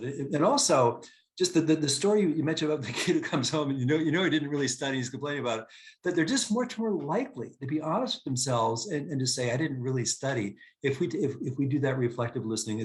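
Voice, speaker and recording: A man co-presenting a parenting talk, speaking in a halting way with many restarts and repeated words. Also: on the high side, animated.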